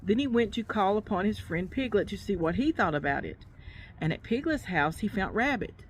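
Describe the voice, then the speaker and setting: A woman's voice: mid-range voice, expressive, a little hiss or hum. Woman casually reading a storybook aloud. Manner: casual, pauses to comment on the book. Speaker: storybook reader.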